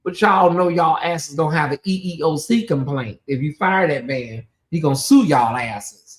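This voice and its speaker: A channel host giving sassy live commentary on a TV show, reading viewer names aloud and breaking into loud exclamations. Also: mid-range voice, moderate pace.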